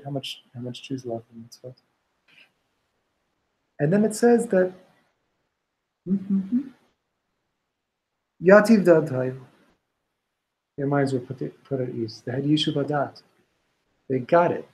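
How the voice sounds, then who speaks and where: A man teaching an informal Talmud class, retelling a story with lively restarts and Hebrew and Aramaic quotes. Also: a little high, measured pace, pauses often, poor audio. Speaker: Torah teacher.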